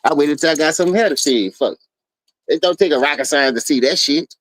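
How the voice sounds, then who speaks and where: A man's voice: on the high side, a little fast, fairly bright tone. A man hosting a casual basketball talk stream, telling loose, profane stories full of slang. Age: adult, calls himself an OG. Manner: loose, profane storytelling with slang and repeated "you feel me". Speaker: livestream basketball talk host. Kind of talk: casual sports debate chat.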